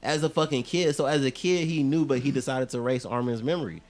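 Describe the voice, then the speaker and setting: Podcast guy chatting casually, trips over his words, average pitch. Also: fast, a little mellow. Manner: loose, casual talk with repeated words.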